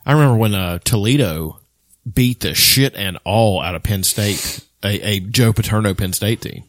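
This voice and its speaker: A man co-hosting a podcast in casual chat, animated and swearing a lot. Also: fairly low pitch, normal speed, no room sound, clean studio sound. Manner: animated, profane, rambling. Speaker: podcast co-host.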